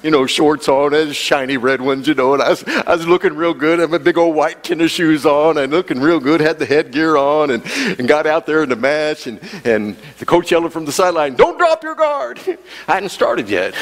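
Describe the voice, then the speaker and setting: A man's voice: on the high side, a little fast, hardly any pauses. A man preaching a sermon as the pastor, telling a story with humor, repeating himself and chuckling as he goes. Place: church sanctuary. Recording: long church hall reverb.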